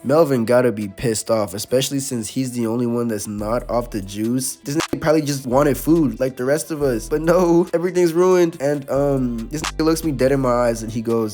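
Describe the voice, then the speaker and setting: A young man telling a story in loose, slang-heavy talk, breaking into laughter and lively asides as he goes. His voice sits at an ordinary pitch for a man. Soft music plays faintly behind him. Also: moderate pace, hardly any pauses. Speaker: storytime host. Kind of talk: casual storytelling.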